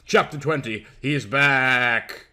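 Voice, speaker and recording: A man's voice: mid-range voice, takes it slowly, bright, forceful tone. A young man, a podcast host, giving a tired, mock-dramatic comic reading of fan fiction.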